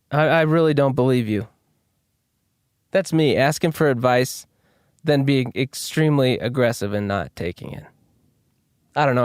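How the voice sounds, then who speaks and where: A man's voice: on the high side, smooth, dry recording, clean studio sound. A male host riffing in a casual, rambling, self-deprecating monologue and swearing freely.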